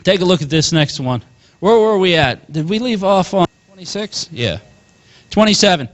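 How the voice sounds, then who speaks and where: High-voiced animated male preacher. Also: normal speed. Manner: animated, calls out to congregation, chuckles often. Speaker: pastor. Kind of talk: sermon.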